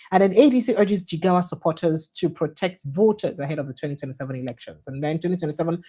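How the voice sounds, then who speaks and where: Low husky Nigerian woman reading headlines. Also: a little mellow. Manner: reads headlines quickly, slips into Pidgin asides. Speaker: news show host. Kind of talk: reading and commenting on newspaper headlines.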